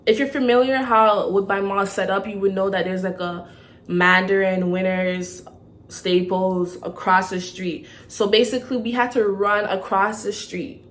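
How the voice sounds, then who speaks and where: A young woman tells a story to her vlog viewers in a lively way, often asking "okay?". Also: medium pitch. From Toronto, Canada. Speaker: vlogger.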